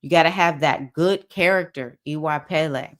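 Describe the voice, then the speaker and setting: Speaking at a moderate pace in a deep voice, a Southern US woman runs an informal live stream as a spiritual teacher. She reads viewer comments aloud and encourages the audience with warmth.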